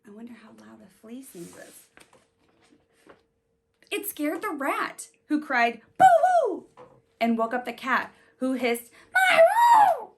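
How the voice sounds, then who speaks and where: Lady reading a kids storybook out loud, slow and bouncy, lots of ups and downs, keeps asking the kids questions. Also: on the high side, creaky, slight background noise. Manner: animated, sing-song, asks young listeners questions. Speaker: storybook reader. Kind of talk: reading a picture book aloud to children.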